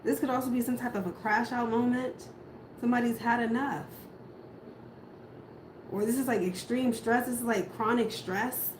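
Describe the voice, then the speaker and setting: A woman's voice: on the high side, steady tone, normal speed, long pauses. A woman doing a casual tarot reading, musing aloud and talking bluntly, with casual swearing. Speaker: tarot reader. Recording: echoey room with audible background noise.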